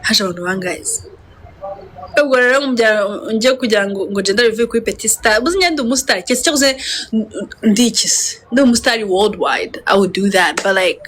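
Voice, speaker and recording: A woman telling a story in a casual interview, excitable, switching between languages and laughing often. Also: mid-range voice, brisk, slight background noise.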